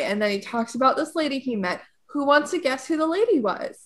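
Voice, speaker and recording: A woman co-hosting a casual book discussion, explaining the poem with animated asides and acted-out quotes. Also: high-pitched, a little fast. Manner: animated, laughs often, acts out quotes. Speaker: podcast co-host explaining a classic poem.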